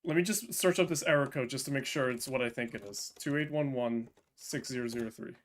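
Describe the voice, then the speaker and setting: Streamer, man, mid pitch, rambling casual chat at his desk mic. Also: brisk. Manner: chatty, hesitant with many ums and restarts.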